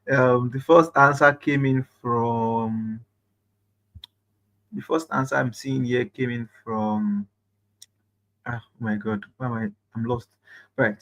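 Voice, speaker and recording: A man's voice: mid-range voice, rough recording. A man hosting a live online nursing quiz, reading questions aloud, repeating phrases and chatting with viewers. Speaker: nurse quiz host.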